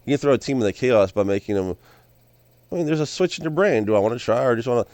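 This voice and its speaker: A man talking in a rambling, excitable monologue, repeating and restarting his phrases and now and then bursting into loud yells. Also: mid-range voice, fast, no echo. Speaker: video host.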